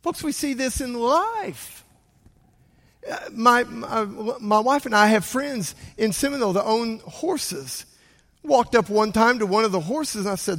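A man preaching a sermon as pastor, swinging from quiet asides to loud bursts. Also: sits high, lively intonation, normal speed, long reverb tail.

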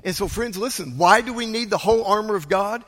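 A man preaching a sermon as a pastor, emphatic, swinging between loud urging and hushed, quiet lines. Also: high-pitched, a little fast, long reverb tail.

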